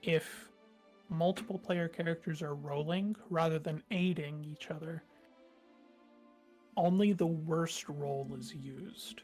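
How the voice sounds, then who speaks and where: A woman narrating a tabletop game as game master, hesitant, with many ums and pauses. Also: sits low, fairly even intonation, dark tone, soft background music.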